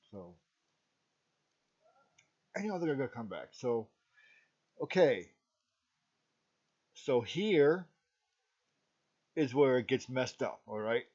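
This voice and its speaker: Middle-aged guy rambling about a movie, slow and unhurried, keeps saying okay, muffled lo-fi audio. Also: mid-range voice, animated, a little mellow. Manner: rambling, checks in with "okay?" often. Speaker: movie reviewer, vlogger. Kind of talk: casual talk to camera. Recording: dull lo-fi recording.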